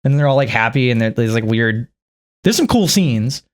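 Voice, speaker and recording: A man's voice: medium pitch, animated, normal speed. A young man ranting casually and comically about a film, rambling, swearing and slipping into mock impressions. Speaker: youtuber reviewing a film. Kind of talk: casual comedic movie rant.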